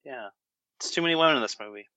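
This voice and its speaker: Podcast dude cracking jokes, voice jumps all over, bright and bouncy. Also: male voice, mid-range voice, lively intonation, racing, no echo. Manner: jokey, playful banter. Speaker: podcast co-host. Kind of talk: casual film discussion.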